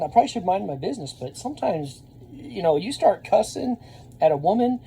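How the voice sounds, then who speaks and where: A man, telling a rambling story to camera and getting louder when he acts out scenes. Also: sits high, brisk, creaky, slight background noise. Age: 30s. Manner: rambling, animated, laughs often, shouts when reenacting. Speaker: vlogger and Army veteran.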